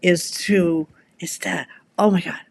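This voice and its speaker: A woman's voice: lowish voice, steady tone, slow, vocal fry, husky. A middle-aged woman in a casual live video, talking in a chatty, rambling way with lots of restarts and fillers. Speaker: content creator. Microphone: camera mic.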